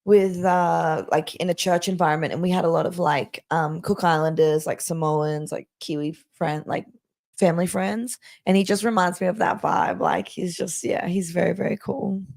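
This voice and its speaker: A woman's voice: lowish voice, steady tone, normal speed, vocal fry, darkish tone. A woman co-hosting a casual sports news chat, telling stories with lots of fillers. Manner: chatty, storytelling with lots of fillers. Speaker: co-host of MMA news show.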